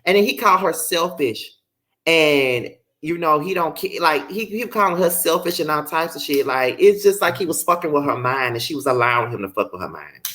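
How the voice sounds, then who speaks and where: A man's voice: a little high, lively intonation, a little fast, pushed and bright. A man casually reviewing a reality show, exasperated and profane, often incredulous. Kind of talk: casual commentary vlog.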